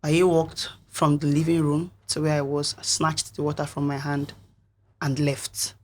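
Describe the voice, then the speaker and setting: A young woman, a reality show contestant, recounting events in an interview in an earnest, reflective way, with a husky voice. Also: sits low, little pitch movement, unhurried.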